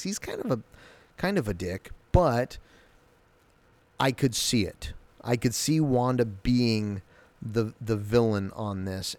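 A man's voice: mid-range voice, dry recording. Guy rambling thru a tv episode recap, all fired up, lots of ums, dry close mic. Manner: rambling and excitable, with many fillers and restarts. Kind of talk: casual spoken episode recap.

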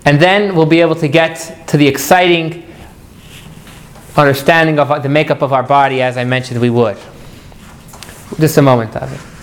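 Guy teaching a class out loud, animated, keeps quizzing the room and joking. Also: on the high side, moderate pace, pauses often. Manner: animated, questioning the class, jokey asides.

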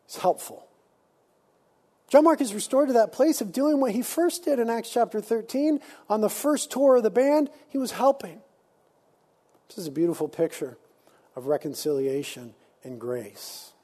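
A male pastor with a high-pitched voice and a husky, breathy edge, preaching in a lively, casual manner. His tone is mellow and dark rather than bright. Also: moderate pace. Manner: animated, conversational preaching with casual slang. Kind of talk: sermon.

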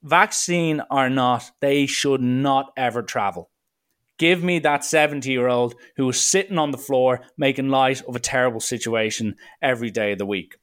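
Ranting Irish man telling a story. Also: mid-range voice. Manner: animated, exasperated, mocking and profane. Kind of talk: casual anecdotal rant.

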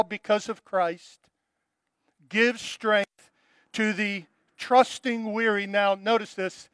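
A male pastor delivering a sermon, his voice high and his delivery slow and deliberate. He leans hard on repeated phrases, then sinks to a soft, low tone to stress them. The sound is dry and close. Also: dry recording. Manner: emphatic preaching, repeats key phrases, drops to soft low tones for stress.

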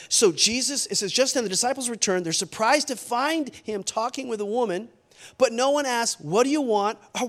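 A man preaching a sermon as a pastor, animated and acting out the people in the story. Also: very high-pitched. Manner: animated, acts out quoted voices.

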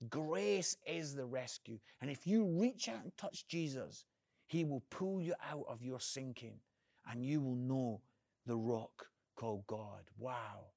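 A man's voice: mid-range voice, slow pace, vocal fry, no room sound, studio quality. A man, an evangelist, giving an earnest inspirational video message and calling the listener "friend". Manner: energetic, swings between loud emphasis and quiet.

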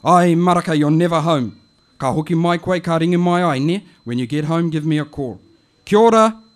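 Man doing a shrill hollering old auntie. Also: fairly quick, close to an everyday voice. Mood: chiding. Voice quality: shrill and loud, calling out. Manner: scolding, hollering, laughing at herself. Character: loud teasing elderly Māori auntie, bossy and affectionate. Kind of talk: comic poetry performance.

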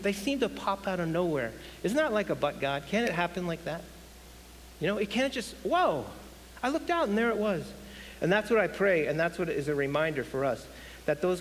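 A man with a slightly high voice preaches in an animated way and keeps putting questions to his listeners. His voice rings out in a hall with a long reverb tail. A faint hiss sits under the recording. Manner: animated, asks the audience questions. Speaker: guest speaker. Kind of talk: sermon.

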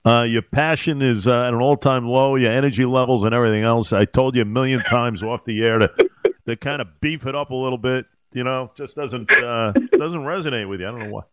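A man's voice: mid-range voice, brisk, a bit bright, clean tone, dry recording. A man hosting a radio talk show, talking in a hesitant, filler-heavy, teasing way.

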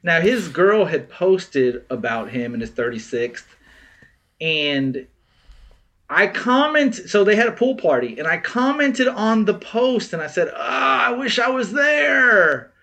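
A man co-hosting a casual podcast, swearing freely and loudly acting out friends' lines as he tells a story. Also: a little high, a little slow. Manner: animated storyteller, acts out quoted friends loudly, laughs, swears. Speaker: podcast co-host. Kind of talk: casual chat.

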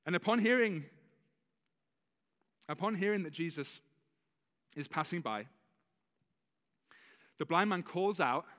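A fairly high-voiced man preaching a sermon in a relaxed, conversational way, with a slight lisp. His voice rings with the long reverb of a church hall. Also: unhurried, long pauses. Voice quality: slight lisp on some words. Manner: conversational, with self-corrections and laughs. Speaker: pastor.

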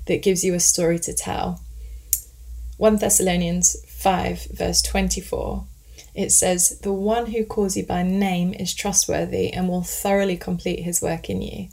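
Woman, devotional speaker, steady and even delivery, conversational and earnest. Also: lowish voice, moderate pace, creaky. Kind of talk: devotional talk.

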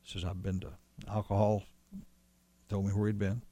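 A man's voice: lowish voice, flat delivery, normal speed, mellow. A man casually recounting memories of an old friend, rambling with restarts and quoted dialogue. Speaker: storyteller guest recalling a friend. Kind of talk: casual conversational storytelling.

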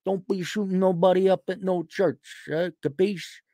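A man's voice: high voice, steady tone, moderate pace, dark tone, no echo, lightly acted. Male host voicing a 1930s mob heavy, exaggerated drawl, dry close sound. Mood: mocking. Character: old-time male mobster, slick and menacing.

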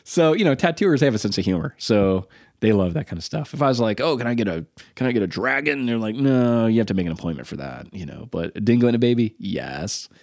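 Podcast co-host, male, American, fast and lively storyteller, dry close sound. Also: on the low side, dry recording. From United States. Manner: animated storyteller, acts out quotes. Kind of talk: casual podcast chat.

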